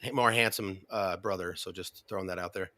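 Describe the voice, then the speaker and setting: A man's voice: sits low, fairly even intonation, a little fast, sharp tone. A man co-hosting a casual Bible discussion with his mother, mostly agreeing and cracking joking asides. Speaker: co-host, son of the other host. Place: at home in another state from his co-host.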